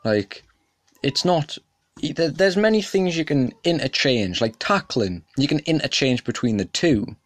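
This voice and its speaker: A young man hosting a solo podcast, ranting with indignation and often jumping up in pitch and volume. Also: animated, a little slow, no room sound. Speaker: podcast host. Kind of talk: casual solo podcast rant.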